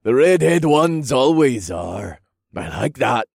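A man's voice: medium pitch, very animated, creaky, husky, dry recording, clean studio sound, voice pushed up, exaggerated voice. A man voicing a crude, cocky drunk young man who slurs and drags his words in an audiobook. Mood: leering. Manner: slurring, slow, leering. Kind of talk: audiobook character voice.

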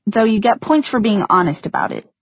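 A spirited teenage girl with quick, dry comebacks, read by a woman in a breathy voice. The sound is thin and phone-like, with a dry room. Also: medium pitch, sing-song, no room sound. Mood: wry. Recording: tinny phone-like audio.

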